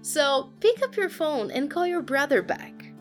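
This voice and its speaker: A woman's voice: high voice, sing-song, measured pace, soft background music, pitched above the performer's own voice. A woman voicing a young female tour assistant who speaks in a clipped, no-nonsense way. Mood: curt.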